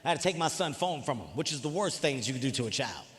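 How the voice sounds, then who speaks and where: A man's voice: fairly high pitch, rapid-fire, long reverb tail. A man doing stand-up comedy, telling exasperated stories with lots of energy. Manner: animated, exasperated storytelling.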